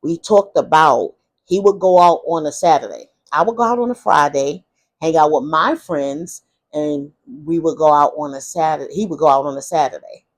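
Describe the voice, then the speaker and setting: A woman's voice: sits low, animated, moderate pace. Woman vlogger confiding her life story; loose, frank, full of restarts. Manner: rambling and frank, with many restarts and asides. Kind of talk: candid casual storytelling.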